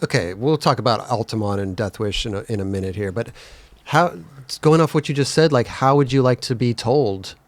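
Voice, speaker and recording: Male podcast host, mid-pitched, laid-back and rambling, dry studio sound. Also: brisk, no room sound. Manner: relaxed, rambling questions with many restarts. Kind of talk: casual podcast interview.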